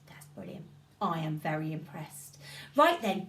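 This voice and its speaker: A woman teaching a drama session to young children, giving animated, coaxing instructions and encouragement. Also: on the low side, a little slow, recorded from a distance, a little hiss or hum. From United Kingdom.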